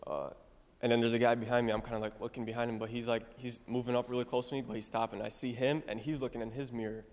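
A man's voice: mid-range voice, little pitch movement, quick pace, darkish tone, long reverb tail. A young man giving a casual testimony to a congregation, telling it in a rambling way full of fillers. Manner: rambling, filler-heavy storytelling.

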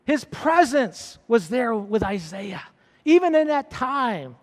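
A male pastor with a very high, light voice delivers an impassioned sermon. His words ring out with a long hall reverb behind them. He drifts between hushed asides and chanted, rising praise. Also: very animated, takes it slowly. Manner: impassioned, rises to chanting and shouting.

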